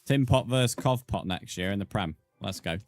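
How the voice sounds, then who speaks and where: Low-voiced British man streaming. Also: moderate pace, soft background music. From Britain. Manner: chatty banter with viewers, thanking followers. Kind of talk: casual live-stream chat while gaming.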